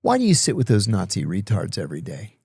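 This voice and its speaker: A man playing a seasoned mob captain, calm and in charge, asking pointed questions in a quick, low, matter-of-fact voice. The sound is dry and close. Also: gravelly, breathy edge, dry recording, exaggerated voice. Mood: questioning. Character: older male mob captain, calm and commanding.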